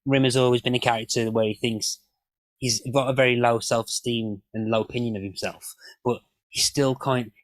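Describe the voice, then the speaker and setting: A man's voice: mid-range voice, no echo, low-quality recording. Analytical man, dry sound. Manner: analytical, many restarts. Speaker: podcast panelist. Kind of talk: casual chat.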